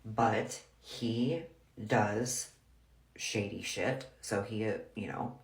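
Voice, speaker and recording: A storyteller vlogger with a very deep voice and drawn-out words shares a personal story casually, in a room with noticeable echo. She's frank and blunt, leaning heavily on "like."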